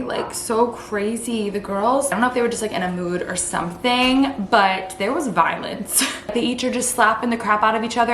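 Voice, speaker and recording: A woman's voice: medium pitch, a bit bright, echoey room, slight background noise. A woman vlogging casually to the camera about life as a mom of twin toddlers, rambling along and saying "like" a lot. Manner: rambling, chatty, heavy use of "like". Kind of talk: casual vlog chat to camera. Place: at home.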